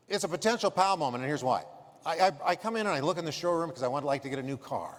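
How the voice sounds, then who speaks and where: Guy doing a keynote, punchy and emphatic, kinda high voice, echoey hall. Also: lively intonation, racing. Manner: emphatic, punchy, acts out customer scenes. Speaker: keynote speaker. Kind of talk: motivational conference keynote. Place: conference stage.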